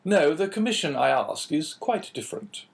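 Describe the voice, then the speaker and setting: A man voicing a calm, phlegmatic English businessman in an audiobook, cool and measured. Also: a little high, gravelly, voice pushed up.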